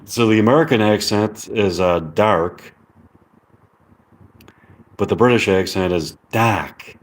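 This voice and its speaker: A man on a casual live stream, reading viewer comments aloud in a halting way. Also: on the low side.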